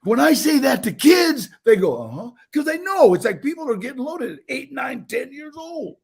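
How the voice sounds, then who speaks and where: An older man telling his own life stories in a casual interview, animated, with many restarts and acted-out quotes. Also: extremely high pitch, moderate pace, gravelly, breathy edge. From United States.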